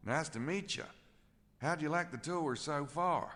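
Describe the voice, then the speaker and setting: A man's voice: fairly high pitch, moderate pace, fairly bright tone, close to an everyday voice. An actor playing a laid-back, teasing male investigator in a video game, questioning a stranger. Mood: probing. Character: wry male investigator, nosy and casual. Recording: reverberant game audio with music.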